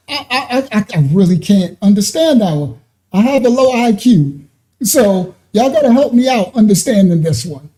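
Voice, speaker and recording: A man's voice: very high-pitched, lively intonation, a little slow, warm tone. A man hosting a ministry channel, reacting to a clip and talking straight to commenters, laughing often.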